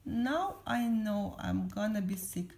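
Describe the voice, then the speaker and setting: Mom reads a dim, panicky starfish man in a storybook, slow and whiny. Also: medium pitch, expressive, creaky, a little mellow. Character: dim, whiny male starfish, easily scared. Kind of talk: reading a storybook aloud.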